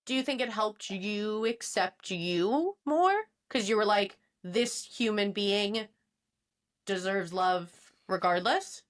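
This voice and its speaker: A woman's voice: mid-range voice, animated, takes it slowly. A young adult woman co-hosting a podcast, talking in a reflective, questioning way. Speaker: podcast co-host. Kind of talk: casual chat.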